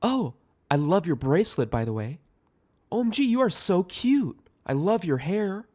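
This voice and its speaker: A man doing a gushing, high-pitched waitress. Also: big pitch swings, normal speed, a little mellow.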